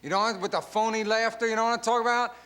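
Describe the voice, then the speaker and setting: A man doing a stand-up comedy routine on a live television stage, acting out bits in loud put-on voices. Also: extremely high pitch, fairly even intonation, fast. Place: live television stage before a studio audience. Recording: noisy live broadcast with crowd laughter. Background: audience laughter.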